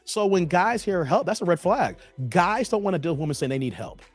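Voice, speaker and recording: A man's voice: high-pitched, expressive, fairly quick. Chatty male livestream commentary host. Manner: chatty, reads chat aloud, repeats phrases. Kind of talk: livestream commentary reacting to clips.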